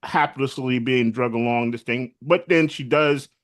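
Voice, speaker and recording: A man co-hosting a podcast, talking through a movie in a relaxed, easygoing way. His voice sits in a middle pitch, and he keeps checking in with his co-hosts with "right?" and "man". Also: a little slow. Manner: laid-back, peppers talk with "man" and "right?". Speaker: podcast co-host. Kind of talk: casual movie review chat.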